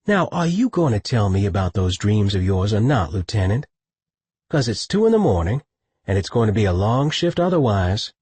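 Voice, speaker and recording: A man's voice: on the low side, very animated, moderate pace, a little mellow, husky, no echo. A man voicing a teasing young female night nurse in an audiobook, coaxing and playful. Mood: sly. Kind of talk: audiobook character voice.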